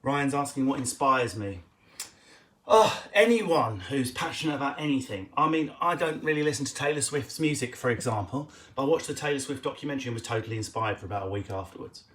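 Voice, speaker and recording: A male comedian answering audience questions in a casual, energetic, jokey way. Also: medium pitch, a little fast, roomy sound, slight background noise. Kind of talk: casual Q&A chat.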